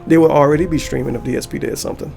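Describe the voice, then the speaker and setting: Male YouTuber, gravelly, fired-up reaction rant, heavy profanity. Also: medium pitch, fairly even intonation, racing, mellow, faint music behind. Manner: heated, profane ranting. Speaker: YouTuber and streamer. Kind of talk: angry reaction commentary.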